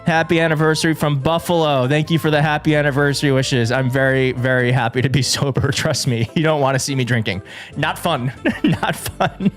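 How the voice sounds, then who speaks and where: A man hosting a live political commentary show, excitable and jokey, often restarting his sentences. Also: on the high side. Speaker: show host. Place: studio in a big city.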